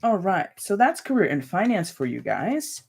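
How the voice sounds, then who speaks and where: In a casual live-stream reading, a tarot reader speaks at a moderate pace in a medium-pitched, very animated voice with vocal fry, over a little hiss or hum. The talk is loose and aimed straight at viewers, sprinkled with "like," "you know" and light laughter.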